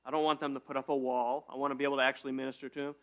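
A man preaching a casual sermon in a church, talking to his congregation like friends. He jokes often and breaks into sudden loud bursts before settling back down. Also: mid-range voice, level tone, racing. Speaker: pastor. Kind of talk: conversational sermon.

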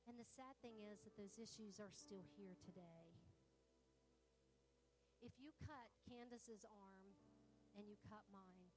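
A woman preacher telling a testimony in a sermon, animated, dropping to a hush and then rising to near shouts. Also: mid-range voice, takes it slowly, long pauses, over music. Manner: animated storytelling, swings from hushed to shouting.

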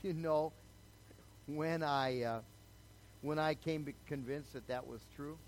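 In a rough recording with a bit of background noise, an older man speaks slowly in a higher voice. His sermon is conversational, drawing on his own life and frequently checking in with listeners by asking "okay?"

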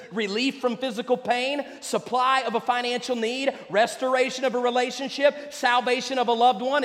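A man delivers a sermon with a noticeably high-pitched voice. He talks in a conversational way and speaks directly to the congregation. His voice rings out with a long reverb, as if in a large hall. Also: a bit bright. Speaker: preacher.

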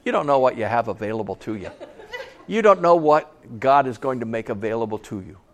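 Middle-aged male pastor, emphatic sermon delivery, repeats key lines, mid-pitched voice, folksy asides. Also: expressive, a little fast. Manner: conversational storytelling asides.

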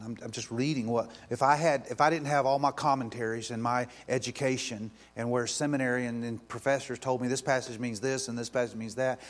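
A man preaching from the pulpit with a mid-range voice. He talks plainly and earnestly, then swells into fervent questions. When he turns to prayer his voice drops soft and hushed. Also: mid-range voice. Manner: impassioned, rising to emphatic questions. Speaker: pastor. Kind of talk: sermon.

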